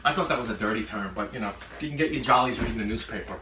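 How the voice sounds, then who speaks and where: A man's voice: lowish voice, racing, reverberant, far from the mic, noisy background. A man hosting a comedic cooking demonstration in his kitchen, full of joking asides. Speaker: cooking show host. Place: home kitchen.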